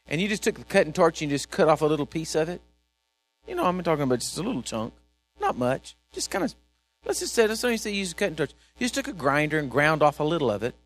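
A man preaching a sermon, animated and repetitive, swinging from shouts to quiet asides. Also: medium pitch. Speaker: pastor.

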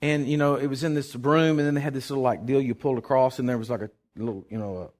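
An older man, telling a personal faith testimony in a rambling way, full of fillers, moving from hushed tones to shouted declarations. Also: medium pitch, fairly even intonation, quick pace. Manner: emotional, swings from hushed to shouting. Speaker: testimony speaker.

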